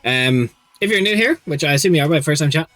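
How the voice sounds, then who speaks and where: A man's voice: on the high side, animated, fast, fairly bright tone, no echo. A young man hosting a casual livestream as game master, rambling and upbeat with many restarts. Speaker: stream host and game master.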